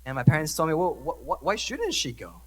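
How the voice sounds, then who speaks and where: A man's voice: on the high side, sing-song, fast talker, fairly bright tone. A young man, a priest, preaching a conversational sermon and asking the congregation questions. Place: church. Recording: church hall reverb.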